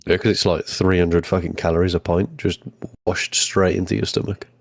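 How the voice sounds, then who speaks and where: A young man with a very low voice co-hosts a podcast in easy, laid-back talk, swearing casually. The sound is dry and close to the mic. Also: little pitch movement, normal speed, gravelly, dry recording. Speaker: podcast co-host. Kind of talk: casual chat.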